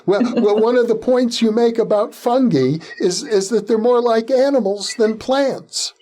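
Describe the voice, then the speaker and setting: A man's voice: extremely high pitch, measured pace, dark tone. A man hosting an interview, asking questions hesitantly, with many fillers as he searches for words. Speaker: host. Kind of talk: interview conversation.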